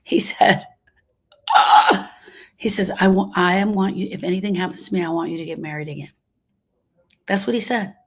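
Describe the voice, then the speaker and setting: Hosting a grief podcast, a Louisiana woman in her 60s speaks fairly quickly in a mid-range voice. She tells listeners her story sincerely and from the heart, leaning on repeated phrases for emphasis.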